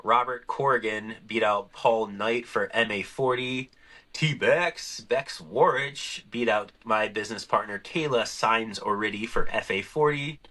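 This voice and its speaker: A man's voice: on the low side, measured pace. A man hosting a podcast, telling stories in a loose, chatty way and acting out the conversations. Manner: animated storyteller acting out conversations. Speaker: podcast host. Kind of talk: casual podcast chat.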